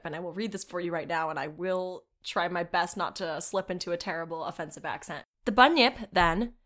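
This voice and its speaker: A woman's voice: lowish voice, a bit bright. A woman co-hosting a casual podcast, reading old accounts aloud and breaking off into laughing, swearing asides. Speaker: podcast co-host.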